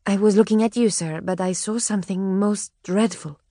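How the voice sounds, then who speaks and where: A woman voicing a grave, slow-spoken nine-year-old girl with a Spanish accent in an audiobook. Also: mid-range voice, fairly even intonation, warm tone, no room sound, clean studio sound, lightly acted. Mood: solemn.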